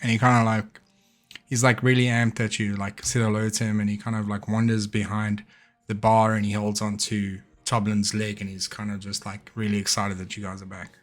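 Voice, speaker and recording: A man's voice: fairly low pitch, monotone, normal speed, faint music behind. A man running a tabletop game as game master, narrating loosely with lots of fillers.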